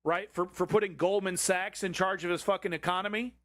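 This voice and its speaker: A man's voice: high-pitched, steady tone, brisk, fairly bright tone, no room sound, clean studio sound. A man hosting a livestream, reacting to a political clip with angry, profanity-filled ranting. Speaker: livestream host.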